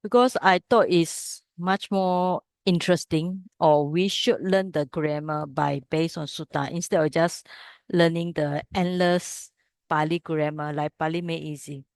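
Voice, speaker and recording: A woman teaches a classroom lesson on reading old scripture as a Pali teacher, explaining step by step and checking in with her students often. Her voice sits low and her pace is measured. The studio-quality recording has no echo.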